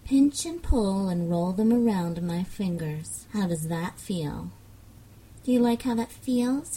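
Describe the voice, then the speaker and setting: A young woman speaking in a coaxing, teasing manner in a hypnosis role-play, with soft laughs. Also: medium pitch, animated, a little slow, slightly rough, rough recording. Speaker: audio role-play performer.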